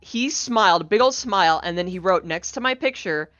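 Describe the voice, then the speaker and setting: Woman, casual chat, animated storyteller, lively pitch, dry slightly dull recording. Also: brisk, dry recording, soft background music. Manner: animated storyteller, acts out quoted people. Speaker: guest, game co-developer.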